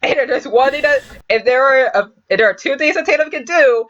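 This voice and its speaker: A woman's voice: sits high, fairly quick, muffled recording. A woman hosting a casual anime review podcast, telling stories with a lot of swearing and laughter. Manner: animated storytelling, frequent swearing and laughter.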